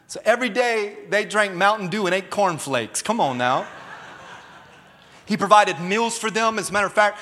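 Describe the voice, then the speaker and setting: Bright-voiced preacher man in a hall. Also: sits high. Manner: emphatic, calls for audience response. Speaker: pastor. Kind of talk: sermon. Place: church auditorium. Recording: long reverb of a large hall.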